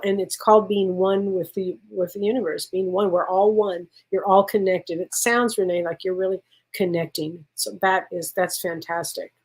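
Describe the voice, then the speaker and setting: A woman's voice: mid-range voice, slightly rough. Effusive woman medium answering viewer questions. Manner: warm, effusive, laughs often, calls people honey. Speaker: spiritual medium hosting a live Q&A. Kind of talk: live-stream Q&A, reading out viewer questions.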